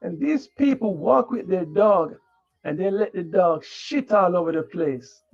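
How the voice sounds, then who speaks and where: A man's voice: sits high, a little slow. A man ranting bluntly in a livestream monologue, with unfiltered cursing and a preachy, moralizing tone. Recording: dull lo-fi stream with faint music.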